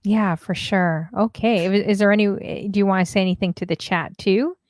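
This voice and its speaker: A livestream host keeps things casual, chatting with frequent fillers and reading viewer messages aloud. She talks a little fast in a medium-pitched, darkish voice with fairly even intonation, and the studio sound is clean with no echo.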